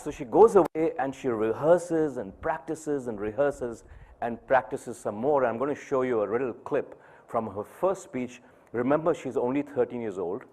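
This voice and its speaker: A middle-aged man giving a personal storytelling speech to an audience, measured and pausing for emphasis. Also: fairly low pitch, a little mellow. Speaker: speaker at an event.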